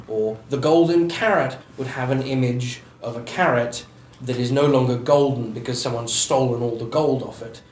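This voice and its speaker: A man's voice: medium pitch, a little mellow. A man running a tabletop game, talking loosely and rambling with jokes. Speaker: game master. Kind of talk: casual tabletop game narration. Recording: echoey room, distant mic, faint noise.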